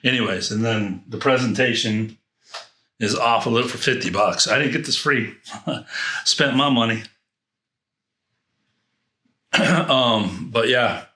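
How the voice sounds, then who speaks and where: A man's voice: mid-range voice, measured pace, pauses often, pushed and bright, roomy sound. A man reviewing fragrances in a casual unboxing, rambling and thinking aloud with frequent restarts.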